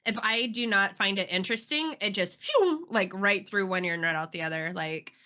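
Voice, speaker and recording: A woman's voice: medium pitch, a little fast, pushed and bright, smooth. A woman on a casual podcast, talking expressively, laughing often and trailing off mid-thought. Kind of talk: casual chat.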